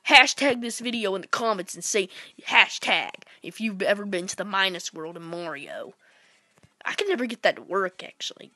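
A woman giving goofy, playful commentary while playing retro games, jumping between whispers, squeals and shouts. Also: mid-range voice, no echo. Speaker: gameplay commentator. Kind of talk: casual let's-play commentary.

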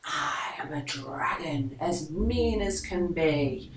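Woman putting on a slow, menacing storybook dragon. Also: deep voice, lively intonation, slight background noise, pitched below the performer's own voice. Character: mean hungry male dragon. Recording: roomy, from far off.

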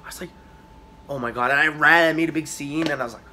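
A young man rambles through a story for his vlog, swearing freely and losing his thread. His voice is bright and forward, with a faint hiss of noise underneath. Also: on the high side. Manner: rambling, profane, halting with many fillers. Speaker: vlogger.

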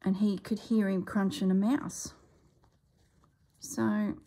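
A woman's voice: mid-range voice, little pitch movement, takes it slowly, mellow. A woman vlogger chatting casually as she stitches, rambling and talking herself through each step in a murmur. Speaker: crafting vlogger. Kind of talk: casual chat while stitching.

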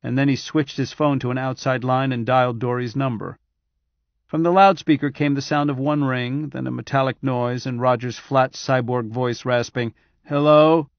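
A man reading a science fiction novel aloud in steady, measured scripted narration. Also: medium pitch, vocal fry, no room sound, lo-fi sound. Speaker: audiobook narrator.

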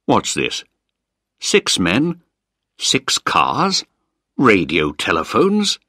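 A man's voice: lowish voice, huge pitch swings, drawn-out words, sharp tone, dry recording, clean studio sound, exaggerated voice. A man voicing a brusque spy-service boss. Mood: incredulous. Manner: brusque, demanding questions. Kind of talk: graded reader audiobook.

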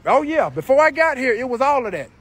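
A man's voice: very high-pitched, very animated, fast, a bit bright, slightly rough. A man filming a street confrontation on his phone outdoors, talking indignantly and in disbelief, repeating himself. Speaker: person filming a street dispute. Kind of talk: heated street confrontation and vlog commentary. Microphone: handheld phone camera.

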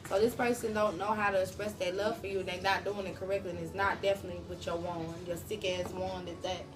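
A woman's voice: lowish voice, little pitch movement, fast talker. A woman doing a casual tarot reading, talking straight to her viewers in a slangy, profane way. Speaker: tarot reader.

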